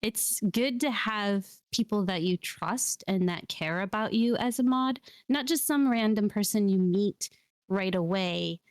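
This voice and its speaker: Brief: earnest woman co-host, dry close mic, mid voice, steady advice-giving. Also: mid-range voice, unhurried, no echo. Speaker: VTuber podcast host. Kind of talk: casual podcast chat.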